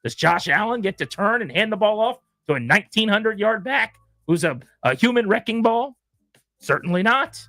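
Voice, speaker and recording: A man's voice: sits high, animated, moderate pace, sharp tone, dry recording. A man co-hosting a sports radio show, arguing his case like a lawyer and rattling off statistics with emphasis. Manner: emphatic, rattles off stats like a closing argument. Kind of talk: mock courtroom argument on sports radio.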